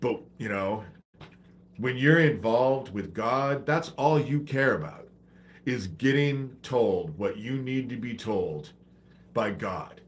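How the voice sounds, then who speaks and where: A man's voice: medium pitch, slow. A man hosting a livestream, ranting in a profane, exasperated, preachy way while he has a head cold. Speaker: livestream host.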